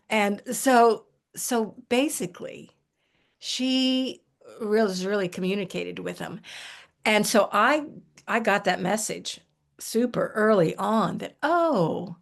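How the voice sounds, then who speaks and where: An older woman talks through memories in a loose, folksy way, circling back and restarting her thoughts. Her voice sits mid-pitch with a gravelly edge. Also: measured pace. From United States. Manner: warm folksy storytelling with frequent restarts and laughs. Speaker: herbalist guest. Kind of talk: relaxed conversational storytelling.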